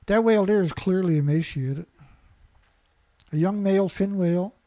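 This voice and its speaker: A man's voice: sits high, moderate pace, mellow. A man giving a profane, sarcastic rant as he reads and mocks news reports. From Canada. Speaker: environmental commentator. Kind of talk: ranting commentary over news clips.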